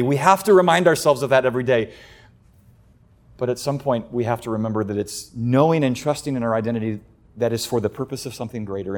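Animated male preacher giving a sermon. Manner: animated, acts out quoted voices with sudden loud high bursts. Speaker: pastor.

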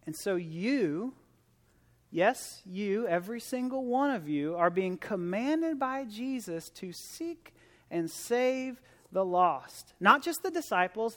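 A man's voice: high-pitched, lively intonation, measured pace. A man giving a sermon as a visiting preacher, earnest and conversational, often restarting and repeating words, rising to emphatic exhortation. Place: church sanctuary. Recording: long reverb of a large church hall.

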